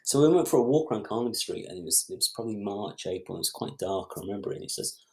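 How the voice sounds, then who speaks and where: A middle-aged film director, a guest on a podcast, tells a long anecdote in conversation, lively and acting out other people's lines as he goes. His voice is on the low side with vocal fry, he's racing along, and there's heavy background noise.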